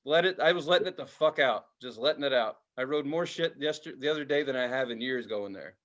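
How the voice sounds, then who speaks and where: A man's voice: mid-range voice, fairly quick, lo-fi sound. A man in his forties telling stories in a casual podcast chat, swearing freely and laughing often. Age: 40s. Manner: profane, animated storyteller, laughs often. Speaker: podcast co-host.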